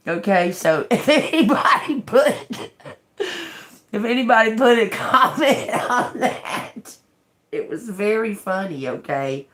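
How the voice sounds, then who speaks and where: A woman's voice: lowish voice, a bit bright. A woman tarot reader chatting casually to her viewers, laughing through her words, cursing freely and calling them y'all.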